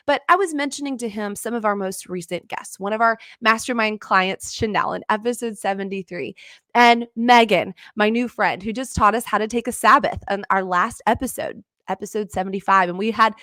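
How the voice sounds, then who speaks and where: A woman's voice: mid-range voice, pushed and bright, dry recording. Earnest middle-aged woman host for a faith-based podcast monologue, storytelling tone, mid-range voice, dry booth sound. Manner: earnest storytelling, acts out her own past lines. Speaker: podcast host and business coach.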